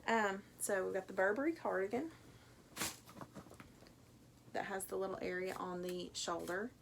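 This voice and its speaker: A woman's voice: medium pitch, moderate pace, gravelly, noisy background. A middle-aged woman with a Tennessee accent, chatting casually through an unboxing vlog at home, rambling with lots of ums. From Tennessee, USA. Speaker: thrift reseller vlogger.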